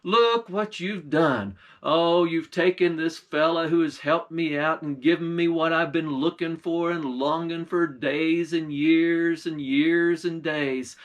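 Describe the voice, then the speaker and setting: A man's voice: a little high, steady tone, slow pace, hardly any pauses. A man playing a folksy earnest king. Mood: scolding. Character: kindly king, magically made young.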